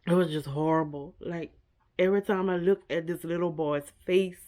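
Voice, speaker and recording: A woman's voice: lowish voice, fairly even intonation, moderate pace, dark tone. Upset woman vlogger reacting earnestly. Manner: earnest and upset, repeats herself, fillers like "like" and "you know". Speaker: vlogger reviewing a documentary. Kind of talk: casual reaction vlog.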